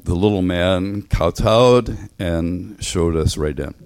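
A man giving a sermon in a relaxed, anecdotal storytelling manner that closes in prayer. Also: low voice, slow pace, smooth. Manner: conversational, anecdotal, acts out voices in stories. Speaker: preacher.

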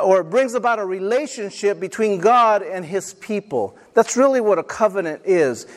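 High-voiced preaching man. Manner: calls for amens, tells stories. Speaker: pastor. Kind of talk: sermon.

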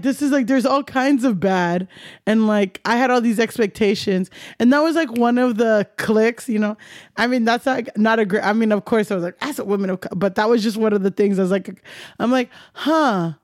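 A woman's voice: fairly high pitch, no room sound, clean studio sound. A young woman, a comedian, telling candid stories in an interview, laughing often and acting out the dialogue. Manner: animated, laughing, swearing, acts out dialogue. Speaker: comedian guest.

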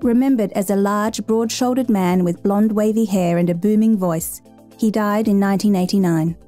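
A woman reading a story aloud in a measured, gentle storytelling manner. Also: medium pitch, steady tone, soft background music. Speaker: narrator. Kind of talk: scripted story narration.

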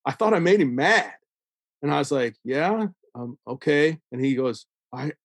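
Man, podcast guest, animated storyteller, casual, slightly high voice. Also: normal speed, dry recording. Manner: animated storyteller, acts out quoted dialogue. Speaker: safety consultant, podcast guest.

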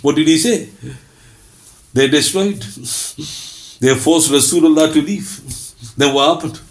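A man delivers a sermon in a lively storytelling manner, slipping into quoted voices and laughing as he goes. His voice sits a little higher than most men's. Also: a little slow. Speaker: preacher.

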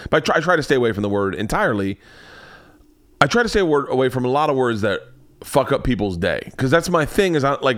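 A man's voice: medium pitch, a bit bright, no room sound. A man, a comedian and podcast host, rambling through stories in a loose, profane monologue with lots of self-interruptions. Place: home man cave.

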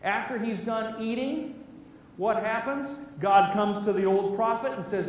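A man preaching a sermon, telling Bible stories in a lively way and acting out the characters' lines. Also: high-pitched, measured pace, a little hiss or hum. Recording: echoey hall, voice from far off.

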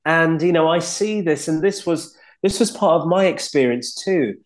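A clergyman from Leeds with a Yorkshire accent, telling stories from his own life in a relaxed, reflective way with frequent pauses. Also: fairly high pitch. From Leeds, England. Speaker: guest, clergyman. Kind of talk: conversational storytelling.

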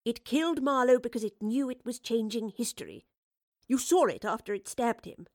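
A troubled female scholar thinks aloud in an earnest, measured voice, as a woman reads her part. She sounds reflective and weighed down. The audiobook recording is dry and close. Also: a little high, animated, a little mellow, no room sound, voice pushed up. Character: thoughtful, troubled female time-traveling scholar.

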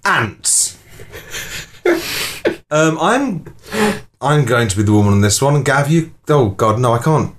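Host guy, bouncy voice, fast jokey chat. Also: medium pitch. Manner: animated, laughing, quick. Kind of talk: casual comedy chat.

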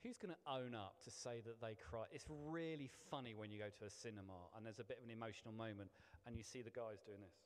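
A middle-aged vicar preaches a sermon in a church hall, chatty and self-deprecating, restarting often. His lowish voice moves fast with hardly any pauses, and the recording has long hall reverb.

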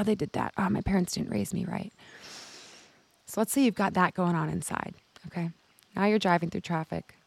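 A woman's voice: on the low side, vocal fry, a little mellow, dry recording. A woman coach giving a motivational talk, telling a story and casually acting out other people's lines, sometimes swearing. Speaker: women's life coach.

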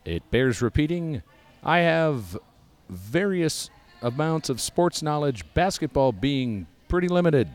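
A man's voice: on the high side, big pitch swings, slow pace. A man co-hosting comedic play-by-play for a rec-league basketball game from the side of a gym, with upbeat broadcaster patter. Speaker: co-commentator. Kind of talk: comedic sports commentary. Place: community gym, courtside.

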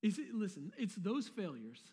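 A man's voice: high voice, sing-song, moderate pace, mellow, breathy edge. A pastor preaching a sermon in a casual, conversational way, with slangy asides and words he often repeats. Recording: long reverb of a large hall.

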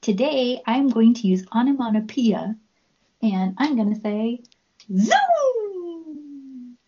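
A woman's voice: a little high, measured pace, dark tone, a little hiss or hum. A woman co-hosting a casual news chat, talking in a giggly, chatty way, on a dull lo-fi recording. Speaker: co-host and musician.

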